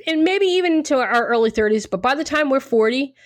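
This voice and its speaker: A woman's voice: high voice, animated, fast talker, no echo. A woman co-hosting a casual talk show, blunt and emphatic, swearing freely as she gives her opinions. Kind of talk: casual chat.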